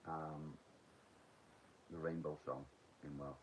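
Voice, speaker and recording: A man's voice: rumbling low, level tone, takes it slowly, a little hiss or hum, poor audio. A man in his forties chatting casually on a live stream, rambling, swearing freely and answering his viewers. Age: 40s.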